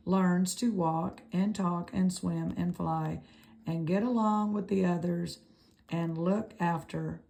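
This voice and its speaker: A woman voicing an old gray female goose in a storybook read-aloud, speaking in a brisk, scolding, matter-of-fact way. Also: lowish voice, vocal fry, warm tone.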